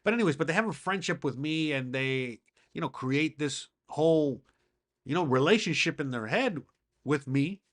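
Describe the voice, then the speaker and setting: A podcast host with a slightly high, expressive voice speaks at a moderate pace in a casual monologue. He rambles, swears, and leans heavily on fillers.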